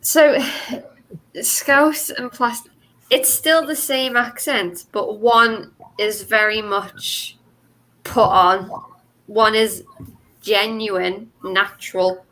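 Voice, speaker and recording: A woman's voice: medium pitch, slow, bright, forceful tone, low-quality recording. A woman with a Merseyside accent from the Wirral, chatting casually as a podcast co-host and laughing often. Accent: Merseyside English. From Wirral, England. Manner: chatty, laughs often, explains with many fillers. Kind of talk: casual chat.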